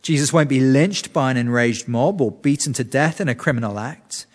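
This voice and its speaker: A man's voice: mid-range voice, normal speed. A man preaching a sermon, explaining scripture earnestly and often restarting his sentences. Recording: reverberant hall.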